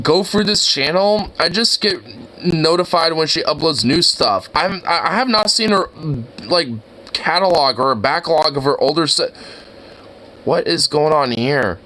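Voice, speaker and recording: Excitable young man reacting, swearing. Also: a little high, unhurried. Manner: incredulous, excitable, swears a lot, stammers. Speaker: reaction video host. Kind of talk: casual reaction commentary.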